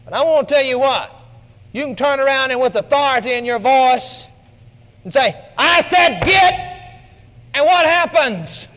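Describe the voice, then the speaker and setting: Male preacher, high and bright, emphatic delivery, long church reverb. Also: expressive, normal speed. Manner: emphatic, dramatic shifts in pitch and loudness. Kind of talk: radio sermon.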